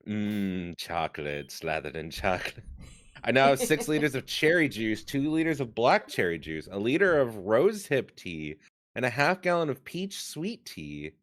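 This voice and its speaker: A man's voice: mid-range voice, sing-song, normal speed, a bit bright. A young adult man streaming live, joking around with silly repeated catchphrases. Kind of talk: casual live-stream chat.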